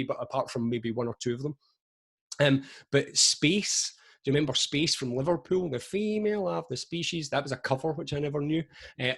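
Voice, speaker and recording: A man speaks over a video call, his voice slightly husky at middling pitch. He talks as a motivational speaker, chatty and animated, drifting into personal stories and quick asides. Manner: lively, chatty, storytelling with frequent asides. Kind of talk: energetic motivational talk to camera.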